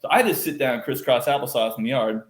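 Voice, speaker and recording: Animated man telling a story in a roomy space. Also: medium pitch, fast. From Texas, United States. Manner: animated, acts out quoted lines with fillers. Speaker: podcast guest. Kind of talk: casual storytelling. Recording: roomy echo.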